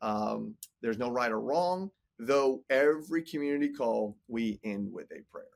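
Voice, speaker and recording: A man's voice: mid-range voice, expressive, a little slow, gravelly. A man in his forties, a business coach talking in a casual podcast interview, emphatic and motivational, often repeating words. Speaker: business coach and entrepreneur guest.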